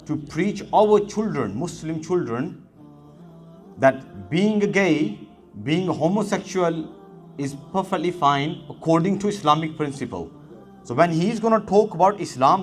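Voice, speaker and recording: A man with a notably high voice delivers an impassioned religious talk as an imam. He lectures emphatically, with a sharp, indignant edge. Faint music plays underneath.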